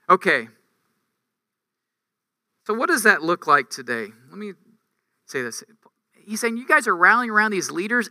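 High-voiced, sharp, bright male preacher. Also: lively intonation, a little slow, long pauses, dry recording, studio quality. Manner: conversational, rhetorical questions, rising emphatic peaks. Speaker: campus ministry preacher. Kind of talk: sermon.

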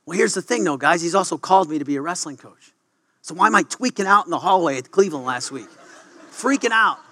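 Bright-voiced, excitable preaching coach man. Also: high voice. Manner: excitable, stumbling restarts and quick asides. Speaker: wrestling coach. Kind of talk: devotional talk to a sports team.

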